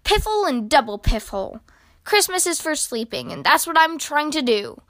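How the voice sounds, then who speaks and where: A woman's voice: a little high, expressive, measured pace, no room sound, clean studio sound, full character voice. A woman doing a huffy, grumpy badger. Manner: huffy, shouting, scolding. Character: grumpy male badger, sleepy and cross.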